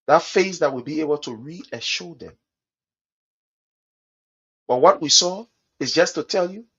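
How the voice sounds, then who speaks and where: A Liberian man giving impassioned political commentary in a preachy, repetitive way, acting out other people's words in quick asides. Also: on the high side, a bit bright, breathy edge, muffled recording.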